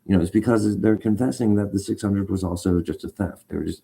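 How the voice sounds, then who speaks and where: Man, agitated rambling storyteller; very dark, low-set voice. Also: fast talker, gravelly, breathy edge. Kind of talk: casual rant.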